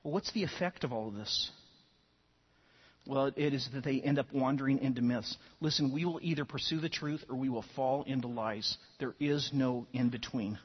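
A man's voice: mid-range voice, moderate pace, husky, big-room sound, lo-fi sound. A man preaching a sermon, telling stories and often repeating words as he starts sentences. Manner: animated storytelling, repeats words when starting. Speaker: pastor.

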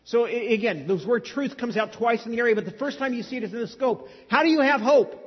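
A man's voice: very high-pitched, fast talker, breathy edge. A middle-aged man preaching a sermon, telling stories in a conversational way with dry humor. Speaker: pastor. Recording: dull lo-fi sound in a large hall.

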